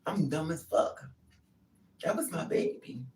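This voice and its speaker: A woman's voice: low voice, big pitch swings, a little slow, a little mellow, far from the mic. A woman vlogger telling a personal story in a blunt, profane, casual way, laughing between lines.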